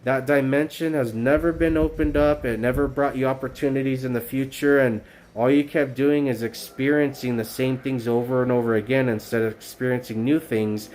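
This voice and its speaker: A man's voice: mid-range voice, a little mellow, slight background noise. Rambling earnest male streamer. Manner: earnest, repetitive, many fillers and restarts. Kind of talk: rambling livestream monologue. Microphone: cell phone.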